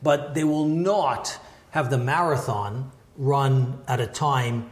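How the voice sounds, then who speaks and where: A man's voice: mid-range voice, takes it slowly. An older man from Canada, a former Olympic wrestler, talking through his views in an interview with thoughtful hedging and many restarts and asides. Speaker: podcast guest, former Olympic wrestler and sports lawyer. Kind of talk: reflective interview talk. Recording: roomy echoey room.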